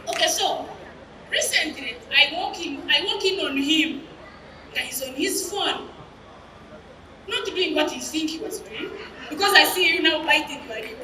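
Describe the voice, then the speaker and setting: A Ugandan woman in her thirties performing stand-up comedy, telling animated stories and breaking into laughter. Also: very high-pitched, moderate pace, slight background noise. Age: 30s. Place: live comedy stage. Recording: roomy live hall from a distance.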